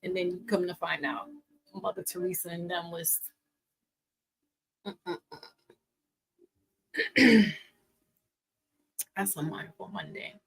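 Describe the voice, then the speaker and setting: A woman's voice: on the low side, fairly even intonation, slow, vocal fry, long pauses, low-quality recording. A woman giving a casual tarot reading, chatty and teasing, laughing often as she talks. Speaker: tarot reader.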